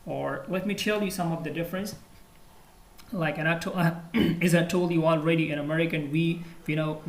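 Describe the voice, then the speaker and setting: This Pakistani man teaches English in a casual online lesson, explaining with lots of fillers and switching into Urdu, all in a Pakistani accent. His voice sits on the high side with a steady tone and a moderate pace. The audio is poor and sounds roomy.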